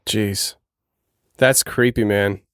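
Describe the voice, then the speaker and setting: Male podcast host, smooth clear voice, relaxed interviewer, dry close mic. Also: lowish voice, takes it slowly, no echo. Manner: relaxed, follows up with questions. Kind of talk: casual interview questions.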